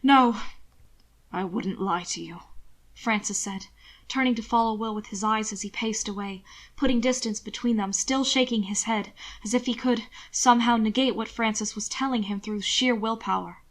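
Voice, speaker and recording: A woman narrating a novel in a soft, even storytelling voice. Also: fairly high pitch, moderate pace. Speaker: audiobook narrator.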